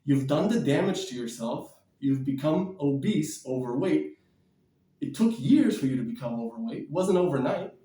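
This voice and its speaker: A man vlogging about diet and exercise in a blunt, energetic, preachy way, sometimes moving about as he talks. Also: on the high side, normal speed, roomy sound, distant mic. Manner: energetic, bouncing and shadow boxing while talking. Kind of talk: casual motivational vlog.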